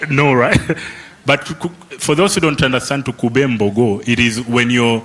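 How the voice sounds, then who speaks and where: An unhurried, steady, medium-pitched voice with a bit of brightness comes from a Kenyan workshop facilitator. In a conference hall he leads a lively youth summit session, teasing the audience and appending "eh?" and "okay?" to questions.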